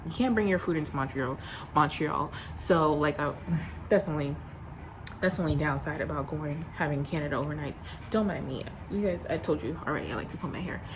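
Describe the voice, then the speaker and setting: Woman vlogging, lowish voice, blunt and animated, acts out both sides, faint hiss. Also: brisk. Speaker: flight attendant. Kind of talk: casual storytelling vlog.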